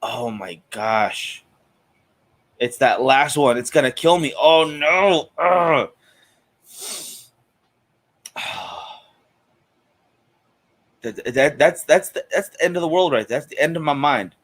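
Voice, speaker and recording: A man's voice: a little high, lively intonation, takes it slowly, long pauses, a bit bright. A man hosting a live cigar stream in a chatty, casual way, greeting viewers by name. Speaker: host of a cigar show.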